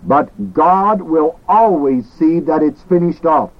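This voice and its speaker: A man teaching a class on ministry in a slow, deliberate way, repeating his key words. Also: on the high side, highs cut off. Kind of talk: recorded teaching lecture.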